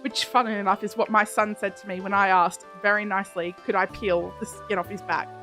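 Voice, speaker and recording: A woman's voice: medium pitch, little pitch movement, brisk, pushed and bright, soft background music. A woman from Australia with an Australian accent, streaming and chatting playfully, laughing often. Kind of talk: casual chat while gaming. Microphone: desk mic.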